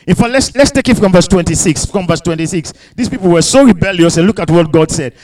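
A man delivers a fervent sermon in a notably high voice. He drops to low, close talk, then lifts scripture into loud, drawn-out proclamations, and he acts out the voices of the people he describes. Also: expressive, low-quality recording. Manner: fervent, rising to shouted scripture; mock voices of people and God. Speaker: preacher.

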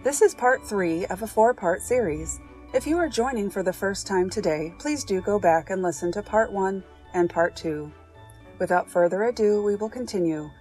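A woman host reading a classic children's story aloud in a calm, measured storybook narration. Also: medium pitch, faint music behind, low-quality recording. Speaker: audiobook reader and podcast host.

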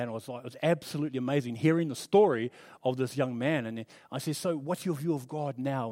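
A man's voice: medium pitch, a little mellow, no room sound. A middle-aged man preaching a conversational sermon, earnest and storytelling, with frequent restarts.

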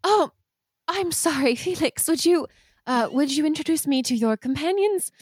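A woman's voice: sits high, animated, normal speed, dry recording, studio quality, voice pushed up. Woman putting on a tearful fussy gnome mother. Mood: flustered. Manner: flustered, tearful, fussing. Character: short plump kindly middle-aged gnome mother, weepy and fussy. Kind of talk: tabletop role-play.

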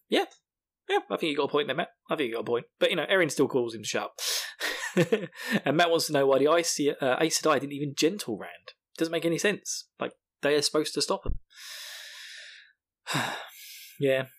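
A man's voice: a little high, fairly bright tone. A man casually recapping a book chapter, rambling, swearing freely and laughing often. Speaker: podcast host.

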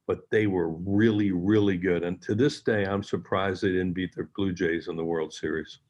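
A man's voice: low voice, fairly even intonation, normal speed, darkish tone. An older man, a former team broadcaster, reminiscing in conversation and acting out quotes as he tells stories. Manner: storytelling, acts out quotes. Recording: dull lo-fi audio.

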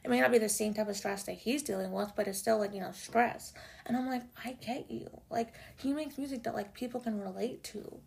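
Gushing young woman with vocal fry. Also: on the high side, fairly quick, darkish tone. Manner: gushing, chatty fan talk. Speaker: music vlogger. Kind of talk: casual chat.

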